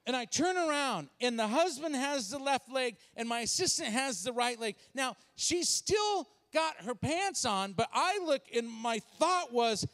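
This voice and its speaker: Excitable high-voiced male pastor telling a story. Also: a little slow, few pauses, in a large hall. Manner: excitable, animated. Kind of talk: comedic sermon storytelling.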